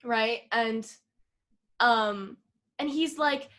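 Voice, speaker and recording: A woman co-hosting a casual podcast, retelling a film plot in an animated way, acting out quotes and swearing freely. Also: fairly high pitch, very slow. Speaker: podcast co-host.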